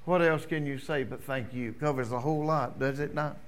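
A middle-aged male pastor preaches a sermon, moving between ringing, loud declarations and hushed lines that are nearly whispered. His fairly high-pitched voice keeps a steady tone and runs a little fast.

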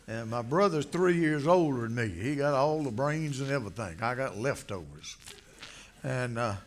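A man preaching a folksy sermon, telling stories from his childhood and rising now and then into loud exhortation. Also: medium pitch, expressive, moderate pace, slight background noise. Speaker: pastor. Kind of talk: folksy sermon with personal story.

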